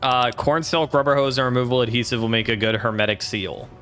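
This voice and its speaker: A man's voice: mid-range voice, fast talker, a bit bright, soft background music. A man streaming a game, joking and rambling in casual commentary, cursing freely.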